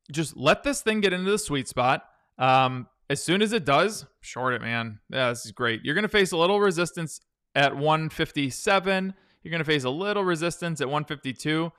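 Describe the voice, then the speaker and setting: A man's voice: medium pitch, bright, forceful tone, clean tone. A man hosting a live stock-trading stream, chatting loosely through viewer questions and often restarting his sentences. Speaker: stock trading livestream host. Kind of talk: casual live-stream chart analysis.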